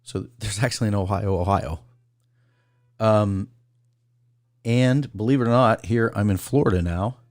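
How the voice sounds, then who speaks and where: A low-voiced man runs a laid-back call-in livestream, rambling, reading a list aloud and pausing to greet viewers by name. He talks at a measured pace with long pauses and a darkish tone, and the recording is dry and close.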